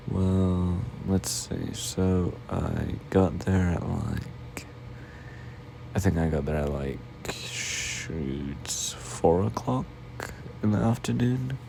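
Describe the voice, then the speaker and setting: Very deep, sleepy yawning boyfriend, whispered role-play. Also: male voice, gravelly, warm tone, a little hiss or hum. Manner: sleepy, yawning, affectionate and giggly.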